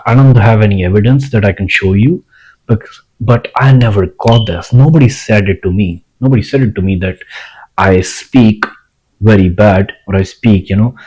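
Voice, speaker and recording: A man's voice: lowish voice, a little mellow, slightly rough, poor audio. A young man, talking casually to the camera in a rambling way, repeating himself and restarting lines. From India. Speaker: vlogger.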